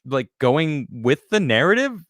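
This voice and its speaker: A man hosting a casual political talk show, reading viewer comments and joking in an animated, emphatic way. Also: fairly high pitch, measured pace, no room sound, clean studio sound. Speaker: podcast host reading super chats.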